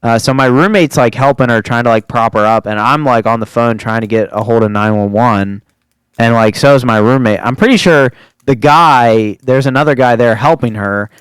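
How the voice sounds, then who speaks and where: Casting note: young male podcast host, smooth clear voice, dry close sound, loose rambling delivery. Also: medium pitch, moderate pace, dry recording. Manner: rambling, full of fillers and laughing asides. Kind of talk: casual storytelling.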